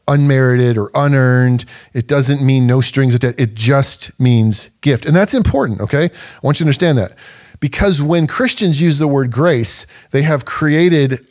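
Male podcast teacher: animated, emphatic, laughs between points. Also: medium pitch. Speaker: podcast host and Bible teacher.

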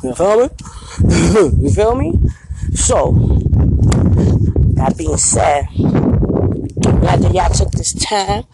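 Animated, profane woman ranting on a street vlog. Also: lowish voice, extremely slow, long pauses, heavy background noise. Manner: profane, blunt, repeats "you feel me". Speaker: vlog host. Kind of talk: casual street vlog rant. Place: street outdoors at night. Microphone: phone held while walking.

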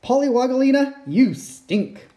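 A woman voicing an excitable, boastful young boy frog in a storybook read-aloud, with high, bouncy exclamations. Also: unhurried.

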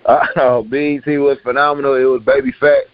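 A man's voice: medium pitch, little pitch movement, a little fast, dry recording. Cheerful man guest, dry muffled sound. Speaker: podcast guest. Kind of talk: casual chat.

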